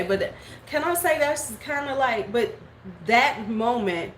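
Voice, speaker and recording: A woman in her forties chatting casually on a live stream, telling gossip and greeting viewers by name, sometimes slipping into squeaky voices to quote people. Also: lively intonation, unhurried, a bit bright. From United States. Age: 40s. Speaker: beauty vlogger. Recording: echoey room with faint background noise.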